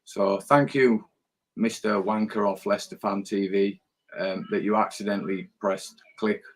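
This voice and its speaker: A man's voice: fairly low pitch, fairly even intonation, normal speed, poor audio. A man co-hosting a casual fan podcast, blunt, swearing freely and repeating his words. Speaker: co-host.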